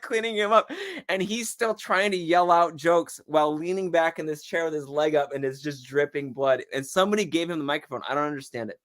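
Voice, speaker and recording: A man with a slightly high voice tells a rambling backstage anecdote as a guest comedian. He is animated and slips into the voices of the people he quotes. The talk is loose and chatty. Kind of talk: casual storytelling.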